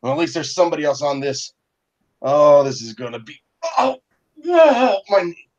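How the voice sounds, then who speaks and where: A moaning, panicky lawman with a bullet in his knee, as a man puts him on for a tabletop game. His voice leaps up high and thin between groans, and it all comes through a dull, lo-fi mic. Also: sing-song, normal speed, darkish tone, recorded from a distance. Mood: pained. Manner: groaning, whiny, breaking into high yelps. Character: wounded male marshal, moaning and panicky.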